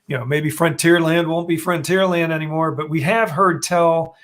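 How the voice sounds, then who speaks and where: Man, slightly high voice, live stream co-host, rambling, restarts sentences, worn tired voice. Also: fairly even intonation, normal speed, a bit bright. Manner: rambling, restarts sentences, narrates what he's doing on screen. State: losing his voice. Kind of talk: casual live stream chat.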